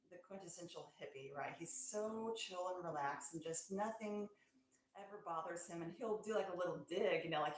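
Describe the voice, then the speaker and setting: A woman's voice: medium pitch, pushed and bright. Woman chatting on a live stream from her kitchen, rambly and giggly, roomy echo, bit of background hum. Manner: chatty and rambling, thanking viewers by name and laughing often. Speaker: small-business marshmallow maker hosting a live stream. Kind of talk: casual live-stream chat while working. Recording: echoey room with faint background noise.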